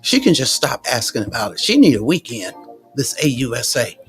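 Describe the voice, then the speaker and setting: A man's voice: medium pitch, big pitch swings, fairly quick, faint music behind. A man reading out court testimony and reacting with sassy, exasperated commentary, using slang and cussing. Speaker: commentary host.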